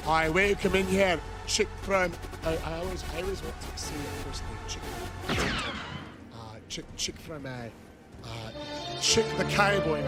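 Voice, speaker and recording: A man livestreaming a game, reading chat and bursting into shouted greetings between casual muttering. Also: on the high side, a little fast, music in the background. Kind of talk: excited live-stream chat.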